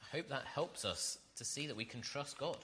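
A man's voice: mid-range voice, lively intonation, normal speed, sharp tone, slight background noise. A man preaching an earnest sermon, reading scripture and building to emphatic repetition.

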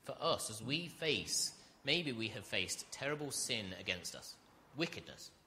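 Bright-voiced man preaching a sermon. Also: medium pitch, sing-song, unhurried. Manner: earnest, building to emphatic repetition.

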